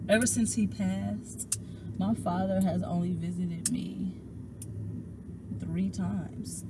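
A young woman, a tarot reader, casually telling viewers a personal story, animated and emotional, and calling them y'all. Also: medium pitch, slow pace, heavy background noise.

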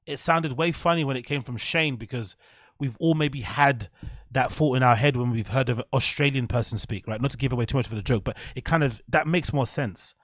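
A man's voice: medium pitch, a little fast, a bit bright, dry recording, clean studio sound. A man with an English accent giving casual, blunt, profane commentary as a video reviewer. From England. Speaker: YouTube reviewer.

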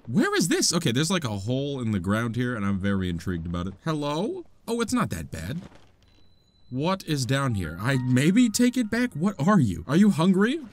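A young man doing casual Let's Play commentary, goofy and self-mocking, swinging between loud yelps and low mutters. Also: huge pitch swings, moderate pace. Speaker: gaming YouTuber.

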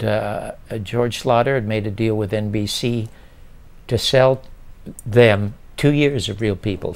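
An older man with a gravelly, rough-edged voice settles into a relaxed interview and tells long stories from his career. He is lively and animated, and slips into the voices of the people in his tale. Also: on the low side. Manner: animated, acts out past conversations. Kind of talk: casual storytelling interview.

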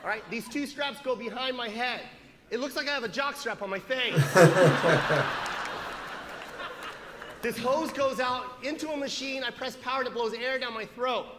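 A male comedian telling a profane story in stand-up, animated, acting out the scenes. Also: very high voice, moderate pace, pauses often, noisy background.

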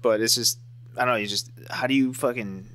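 A man in his thirties co-hosting a casual podcast, talking in a rambling, halting way full of swearing. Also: mid-range voice, fairly even intonation, a bit bright. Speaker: podcast co-host.

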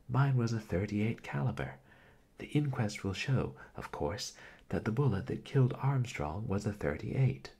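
A man's voice: lowish voice, dark tone, husky, pitched above the performer's own voice, full character voice. A man reading aloud voices a stern, guarded young man who turns agitated under pressure in a storybook. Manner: stern, clipped.

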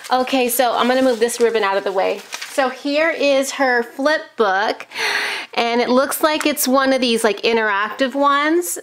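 A woman's voice: sits high, normal speed. A woman in her thirties, a crafting video host, chatting casually and gushing with enthusiasm while she unboxes a package. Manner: gushing, enthusiastic, frequent gasps. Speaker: crafting YouTuber.

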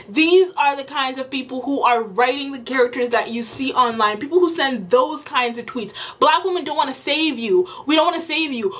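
A woman's voice: high-pitched, fairly bright tone. A woman video creator delivering an exasperated, emphatic rant in a casual commentary vlog, often repeating herself for effect.

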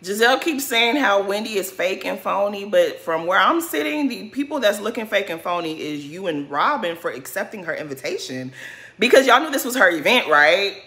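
A woman's voice: mid-range voice, big pitch swings, normal speed, a bit bright. Sassy, blunt woman recapping a show. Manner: colloquial slang-heavy talk. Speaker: reality TV recap vlogger. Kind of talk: casual episode recap commentary.

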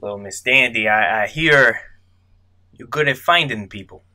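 Picture a gruff middle-aged man in a dark suit, sitting across a desk and leaning in with a folksy drawl, as a man puts on the voice. The tone is bright and forward, and the tabletop game character speaks slowly and slyly. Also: mid-range voice.

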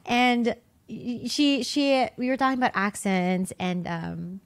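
Filipino woman co-host, fairly high voice, curious interviewer. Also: animated, takes it slowly, no echo. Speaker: podcast co-host. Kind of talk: casual chat.

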